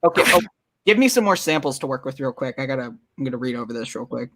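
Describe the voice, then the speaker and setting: A man from Seattle, a freelance guest on a casual stream, relaxed and a little hesitant. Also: mid-range voice, fast talker.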